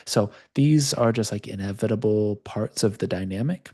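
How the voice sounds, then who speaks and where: A man hosting a live video call session, calmly coaching a participant and talking openly about his own past. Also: on the low side, normal speed. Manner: calm, reflective, speaks of own past openly.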